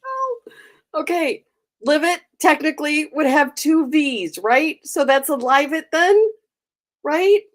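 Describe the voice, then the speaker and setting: A woman's voice: high voice, unhurried. An American woman hosting a live stream, chatting casually with viewers, giggling and teasing them. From United States. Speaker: livestream host.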